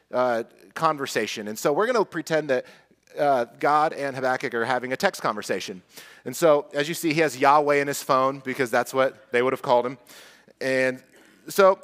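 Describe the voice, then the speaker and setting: A man preaching a sermon as pastor, earnest and conversational, with light self-deprecating asides. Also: medium pitch. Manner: hushed, soft prayer.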